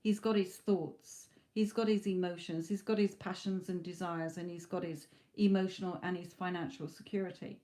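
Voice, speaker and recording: A woman's voice: on the low side, steady tone, moderate pace, few pauses, mellow. A woman reading tarot cards on a live stream, chatty and reassuring, tired and losing her voice late at night. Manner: chatty, reassuring, says okay and you know often. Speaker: tarot reader.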